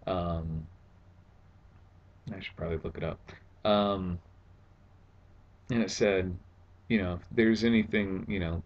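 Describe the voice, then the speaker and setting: Low gravelly man, sarcastic vlog rant. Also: muffled recording. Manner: sarcastic, exasperated retelling. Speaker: vlogger. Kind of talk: casual storytelling vlog. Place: at home indoors.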